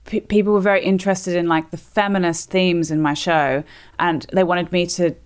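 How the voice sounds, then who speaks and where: A woman's voice: on the low side, fairly even intonation, normal speed, clean tone. A woman from Australia, a comedian, chatting casually on a podcast with rambling, self-deprecating asides. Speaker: comedian guest.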